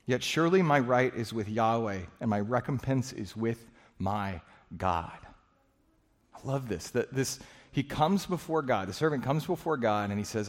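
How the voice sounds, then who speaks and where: A man's voice: medium pitch, expressive, normal speed, long reverb tail. A man preaching a sermon as a pastor, earnest and conversational, acting out quoted lines with feeling.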